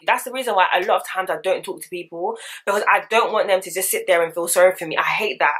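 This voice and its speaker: A woman, chatting candidly in slangy, animated talk for a get-ready-with-me vlog. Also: lowish voice, quick pace, hardly any pauses. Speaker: vlogger. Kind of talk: casual get-ready-with-me chat.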